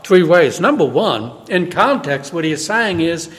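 A man preaching a sermon in an emphatic way, swinging from loud declarations to hushed storytelling. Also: a little high, very animated, unhurried. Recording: long reverb of a hall.

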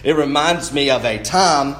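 A man's voice: mid-range voice, unhurried, fairly bright tone. A man preaching a sermon in an earnest way, often restarting words as he goes. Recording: roomy echo.

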